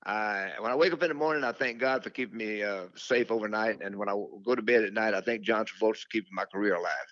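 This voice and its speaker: Older male guest, storyteller, lots of "uh" and restarts; low voice, lo-fi dry recording. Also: fast talker, few pauses, fairly bright tone, dry recording. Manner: rambling, many fillers and restarts, quotes his own thoughts. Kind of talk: casual storytelling interview. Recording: dull lo-fi dry sound.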